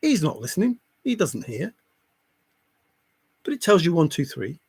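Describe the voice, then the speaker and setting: A man's voice: on the high side, huge pitch swings, moderate pace, darkish tone, breathy edge. A man delivering an intense, repetitive monologue, taunting his listeners with the same questions over and over. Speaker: treasure hunt theorist. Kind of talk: lecturing monologue.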